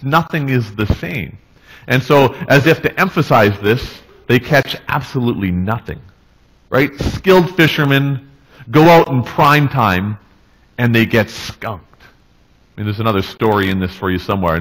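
A male pastor preaching a sermon in a relaxed, conversational way, often checking in with the congregation. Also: medium pitch, breathy edge, poor audio. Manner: conversational, tag questions, restarts. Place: church.

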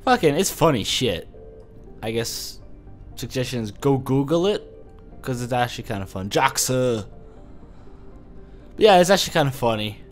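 Man, let's play commentary, swears a lot, rambles, pitch swings a lot, average pitch, faint music behind. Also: sing-song, normal speed, pauses often. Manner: rambling and profane, often swears; thinks aloud while playing. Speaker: gamer playing a video game.

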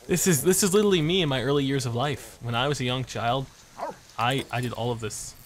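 A man hosting a let's play video, excitable and joking, swearing freely and jumping between muttering and yelping. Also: mid-range voice, a little fast. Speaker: gaming channel host. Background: game music.

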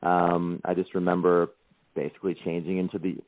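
A man's voice: deep voice, little pitch movement, brisk, dry recording. A man from Canada, an actor calling in to a radio interview, easygoing and reflective. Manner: easygoing and reflective, with many fillers. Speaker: actor and guest. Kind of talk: interview answers. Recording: tinny phone line.

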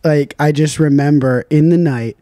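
A young man from Indiana telling a story on a podcast in casual, animated style, acting out his friends in loud high voices and swearing freely. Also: normal speed, no room sound, clean studio sound. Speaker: podcast guest.

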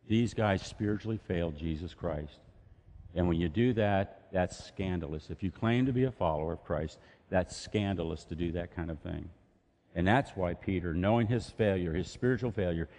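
A man's voice: sits low, mellow. A man preaching a sermon in a church, speaking conversationally and asking rhetorical questions. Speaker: pastor. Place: church sanctuary. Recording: long reverb of a church hall.

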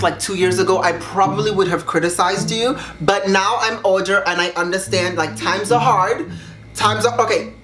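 A young man reading viewer secrets aloud on his vlog, sassy and dramatic, jumping up high in pitch to make a point. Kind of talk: casual vlog reaction. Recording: echoey room with music behind.

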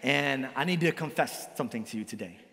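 A male pastor preaching a sermon in a lively, joking way, with big swings in pitch. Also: a little fast. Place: church hall. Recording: long church hall reverb.

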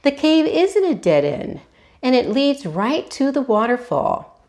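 A woman voicing a timid but determined young boy dinosaur in a storybook reading, with an eager, high childlike voice. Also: big pitch swings, unhurried, a little mellow, heavily acted.

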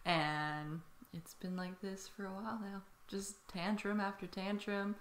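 A woman's voice: mid-range voice, little pitch movement, a little slow, a bit bright, slight background noise. A young woman co-hosting a podcast, chatting casually and jokily acting out her family's lines. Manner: jokey, acts out family quotes. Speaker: podcast co-host. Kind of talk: casual chat. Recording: roomy echo.

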